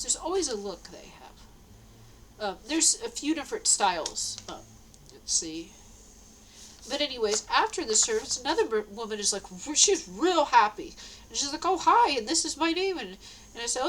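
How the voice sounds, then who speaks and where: A woman's voice: a little high, fairly bright tone, a little hiss or hum, low-quality recording. Rambling woman telling a long personal story. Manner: rambling, repeats herself, laughs between lines. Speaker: vlogger. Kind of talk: casual storytelling monologue.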